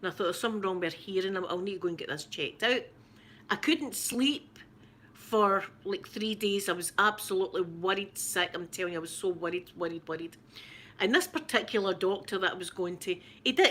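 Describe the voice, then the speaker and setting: Bright-voiced Scottish woman telling stories. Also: medium pitch, a little hiss or hum. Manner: animated storytelling with laughs and repeats. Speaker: vlogger, mother. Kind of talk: casual chat to camera.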